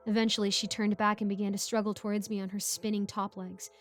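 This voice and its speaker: A woman's voice: mid-range voice, flat delivery, fast. Woman narrating a horror story. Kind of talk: scripted first-person horror narration. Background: background music.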